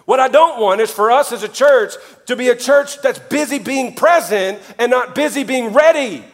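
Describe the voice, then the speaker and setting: A male pastor preaching a sermon, animated, with sudden drops to quiet and jokey asides in put-on voices. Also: extremely high pitch, moderate pace, faint music behind.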